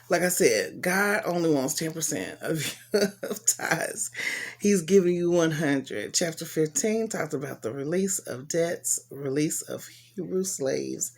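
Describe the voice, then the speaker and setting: A woman's voice: sits low, creaky. A woman giving an earnest, heartfelt devotional reflection and reading scripture aloud, often repeating her phrases. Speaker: Bible reader.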